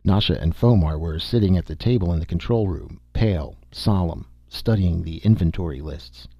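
A man narrating a science fiction story in a steady, measured reading voice, with a husky tone. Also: low voice, no echo, highs cut off. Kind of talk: audiobook narration.

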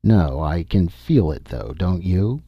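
Wary, muttering male explorer, deep-voiced, read by the narrator. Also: big pitch swings, takes it slowly, slightly rough, dry recording, full character voice. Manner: impatient, grim, muttering. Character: wary, impatient man explorer with a weapon. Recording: dull dry recording.

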